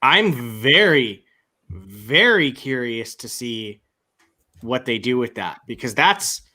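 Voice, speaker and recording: Male co-host, bright sharp tone, enthusiastic casual chat. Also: medium pitch, lively intonation, slow. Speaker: podcast co-host.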